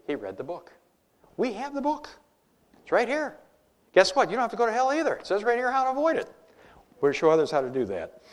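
A male preacher delivering a sermon, his slightly high voice swinging widely up and down as he presses his points. He talks with emphatic conviction and drops in light humorous asides.

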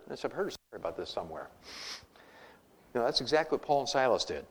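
A man preaching a sermon in church, emphatic and lively, with humorous asides. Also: mid-range voice, fast talker, long pauses, husky.

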